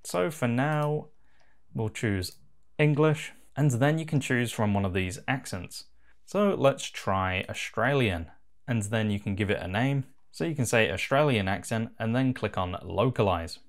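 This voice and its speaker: A man giving a relaxed, casual voice-over as he walks through a software tutorial. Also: medium pitch, unhurried. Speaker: tutorial host.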